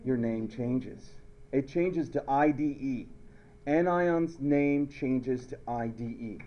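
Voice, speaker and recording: A man's voice: mid-range voice, slow pace, dull audio. A man teaching a chemistry class, playful, telling stories and repeating his questions. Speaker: high school chemistry teacher. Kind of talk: classroom lecture with jokes.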